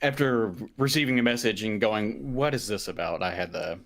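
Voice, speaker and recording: Dry, sardonic young man with a lowish voice. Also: normal speed. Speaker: podcast co-host. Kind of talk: casual banter.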